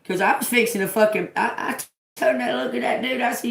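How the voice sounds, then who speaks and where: Swearing freely and laughing often, a woman who reads tarot tells blunt, casual stories on her livestream; she's an adult with a grown daughter. Her voice is a little high, brisk, and creaky, and the room adds an echo.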